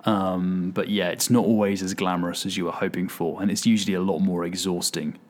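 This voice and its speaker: Chatty male podcast host, a bit low-pitched, casual and self-mocking. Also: flat delivery, a little fast, slight background noise. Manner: chatty and self-deprecating, with fillers. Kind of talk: casual solo podcast monologue.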